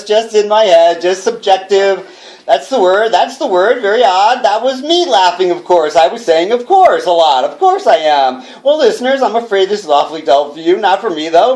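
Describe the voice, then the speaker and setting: A man's voice: high voice, a little mellow. A man performing a jittery radio announcer who chatters nervously to his listeners and laughs to himself, read live before an audience in a bookstore. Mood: nervous, chatty. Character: jittery male radio announcer alone in a haunted house. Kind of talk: live reading of a one-man radio play.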